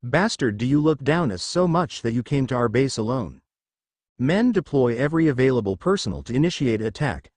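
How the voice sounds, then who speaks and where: A man's voice: mid-range voice, big pitch swings, fairly quick, darkish tone, no room sound. A man voicing a tense young woman army commander who barks orders and snaps back with retorts.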